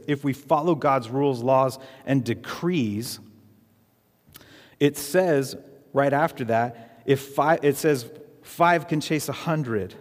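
A man preaching a sermon as pastor, emphatic and repetitive, leading the congregation in call-and-response. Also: medium pitch. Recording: reverberant hall.

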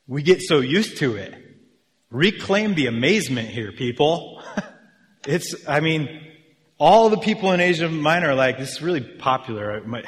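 A man preaching a sermon with lively energy, often acting out his listeners' reactions. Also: medium pitch, long reverb tail. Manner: animated, acts out reactions of listeners. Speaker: pastor.

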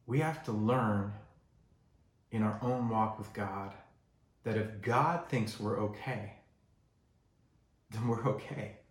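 A male pastor preaching a sermon in a relaxed, conversational way, acting out the voices he quotes. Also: lowish voice, takes it slowly, long pauses, echoey room. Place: church sanctuary.

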